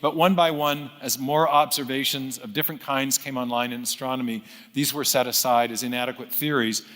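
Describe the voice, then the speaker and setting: A man giving an unscripted lecture, telling a story with lively emphasis and frequent restarts. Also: medium pitch, a little fast. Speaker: speaker. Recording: long hall reverb.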